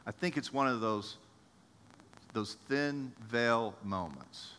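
Bright-voiced male pastor in a reverberant hall. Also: mid-range voice, a little slow. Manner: animated storytelling, rising with emphasis, addresses congregation by name. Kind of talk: sermon.

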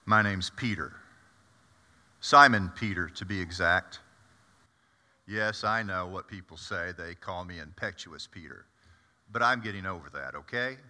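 A man's voice: medium pitch, bright, forceful tone, exaggerated voice. A man performing a first-person monologue as the apostle Peter, a blunt and impetuous fisherman, with chatty, confiding asides to the audience. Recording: echoey hall.

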